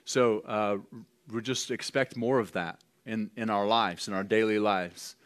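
A man pastor preaching in a loose, conversational way to his church family, with halting restarts and light laughs. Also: lowish voice, steady tone, smooth. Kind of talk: informal charismatic preaching and prophecy. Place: church gathering.

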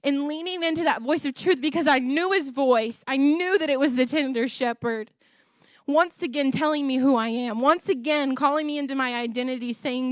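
A woman with a fairly high voice preaches from her own life story, earnest and emotional. She drives points home by repeating phrases. The sound is dry and close, with little room echo. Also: normal speed. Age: adult, married ten years. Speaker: speaker sharing testimony. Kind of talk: personal testimony preaching.

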